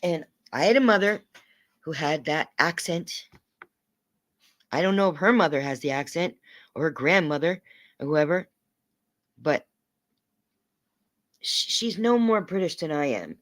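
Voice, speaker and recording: A woman's voice: deep voice, expressive, unhurried, pauses often. A woman livestreaming, ranting angrily at her chat and swearing in a confrontational way.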